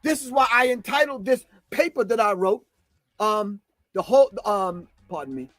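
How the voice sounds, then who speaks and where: A man's voice: high-pitched, expressive, moderate pace, fairly bright tone, no room sound, soft background music. A man giving an impassioned spoken lecture, emphatic and scolding, repeating lines and asking "all right?" for emphasis. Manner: scolding, confrontational. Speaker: commentator.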